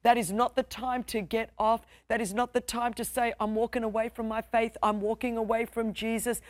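Australian woman preacher, fairly high voice, emphatic repetitive cadence, dry close sound. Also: level tone, normal speed, dry recording. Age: young adult. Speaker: pastor. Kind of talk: sermon.

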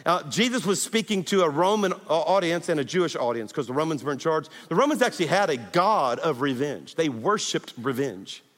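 A middle-aged male pastor with a high voice preaches an animated sermon, urging his congregation on. His voice rings with a long reverb through a large church hall. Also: a little fast, hardly any pauses.

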